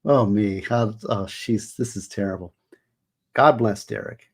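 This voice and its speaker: A man's voice: on the low side, a little slow, breathy edge. A middle-aged man hosting a casual livestream, rambling and emotional as he explains law. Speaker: livestream host.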